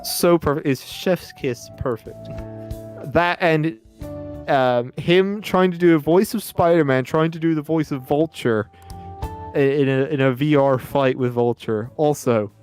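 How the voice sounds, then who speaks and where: A man's voice: on the high side, a little slow, darkish tone, faint music behind. A man hosting a let's play, chatting casually about voice actors with lots of restarts and enthusiasm. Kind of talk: casual gameplay commentary.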